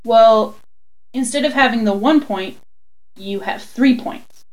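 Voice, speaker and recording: A woman co-hosting a casual chat, animated and quick to laugh, swearing freely. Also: fairly high pitch. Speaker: podcast co-host.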